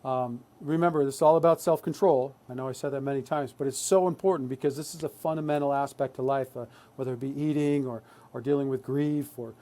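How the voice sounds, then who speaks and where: A man's voice: medium pitch, steady tone, quick pace, hardly any pauses, warm tone. An adult man presenting a live workshop, talking earnestly and often checking in with "right?". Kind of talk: live online workshop talk.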